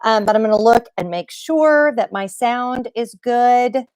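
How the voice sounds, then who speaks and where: A woman's voice: on the high side, a little slow, darkish tone, no echo, studio quality. A middle-aged woman hosting a casual live stream from home, bubbly and chatty as she greets viewers by name. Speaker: YouTube live stream host.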